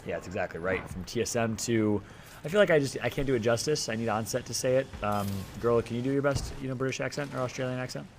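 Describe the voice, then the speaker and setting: A man's voice: mid-range voice, quick pace. Guy casting an esports match live, hyped and joking around, faint noise behind. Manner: energetic, joking, rambling asides. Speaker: esports caster. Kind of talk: live esports play-by-play commentary.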